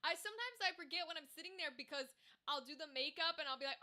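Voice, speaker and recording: A woman's voice: high-pitched, expressive, fast talker, sharp tone. A woman streamer chatting casually to her stream, rambling and swearing freely. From Irish background. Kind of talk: casual chat to a live stream.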